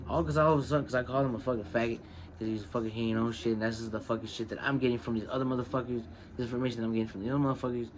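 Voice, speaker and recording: A man hosting his own show, telling a personal story in casual, profane street slang and getting animated when he quotes people. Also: mid-range voice, racing, crowd noise. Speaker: podcast host.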